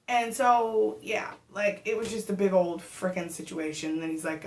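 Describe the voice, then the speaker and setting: A young adult woman vlogging casually, telling a story to the camera in a chatty, animated way with lots of fillers. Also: mid-range voice, normal speed, few pauses. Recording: echoey room.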